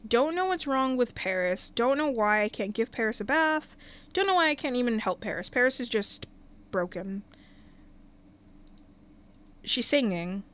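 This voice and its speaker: A woman's voice: fairly high pitch, expressive, unhurried, pauses often, a bit bright, smooth. A woman casually commenting while livestreaming a life-sim game, talking to the characters and thanking viewers. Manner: chatty, talks to game characters and chat.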